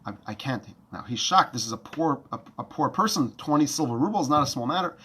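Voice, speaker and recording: A man telling a story in a lesson as a Torah teacher, talking in an animated, lively way. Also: fairly high pitch, quick pace, slightly rough.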